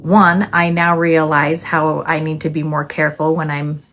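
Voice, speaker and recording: Mom vlogger, low voice, candid and thoughtful, soft music underneath. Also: female voice, level tone, normal speed. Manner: candid and reflective, with frequent "um"s. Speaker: mother of deaf children. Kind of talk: casual storytelling vlog.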